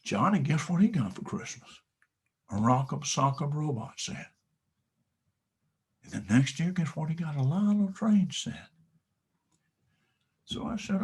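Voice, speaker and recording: A husky-voiced man delivers a motivational speech as an unhurried, theatrical story. His pitch rises and falls widely, and he drops to whispers before bursting out loud. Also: big pitch swings. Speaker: motivational speaker.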